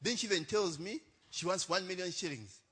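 Young adult male pastor, lively pitch, higher voice, chatty storyteller. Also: a little fast, breathy edge. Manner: chatty, laughing, tags lines with "eh?". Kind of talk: storytelling sermon.

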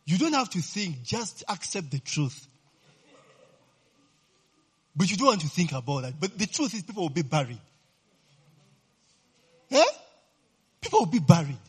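A man's voice: high voice, a little slow, pauses often, slightly rough. A man preaching a sermon, constantly checking on his listeners with "eh?" and questions. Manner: lively, keeps checking the listeners with "eh?" and quizzing them.

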